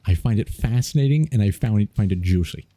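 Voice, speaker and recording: A man's voice: lowish voice, animated, brisk, warm tone, no echo. A man streaming a strategy game, joking playfully and laughing often as he comments on his moves. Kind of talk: casual let's-play commentary.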